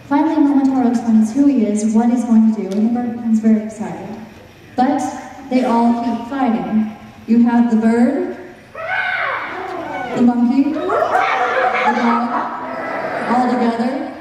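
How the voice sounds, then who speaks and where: A woman's voice: a little high, dark tone, slight background noise. Woman storyteller in an echoing hall. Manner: dry, joking asides to listeners. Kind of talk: storytelling with wry asides. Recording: echoey hall, far from the mic.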